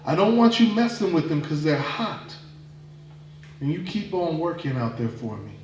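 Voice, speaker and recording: A man voicing a fond but bossy village mother who talks loudly and commandingly. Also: a little high, animated, moderate pace, slight background noise, lightly acted. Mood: instructing. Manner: loud and commanding. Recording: echoey room from a distant mic.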